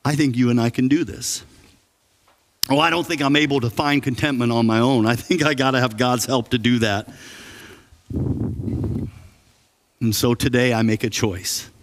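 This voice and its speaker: A man preaching a sermon as pastor, telling stories with humor and lively emphasis. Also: mid-range voice, moderate pace, long pauses. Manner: animated storytelling with humor. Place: church sanctuary.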